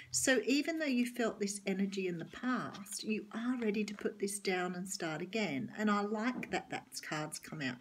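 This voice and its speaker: Husky Australian woman reading tarot. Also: medium pitch. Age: middle-aged. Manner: earnest, reassuring, emphatic. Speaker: tarot reader.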